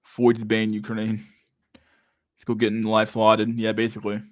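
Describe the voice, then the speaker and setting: A man's voice: fairly low pitch, completely flat delivery, moderate pace, no echo, studio quality. A man in his thirties hosting a casual live stream, reading viewer comments aloud in a loose, profane way and saying "dude" a lot. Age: 30s.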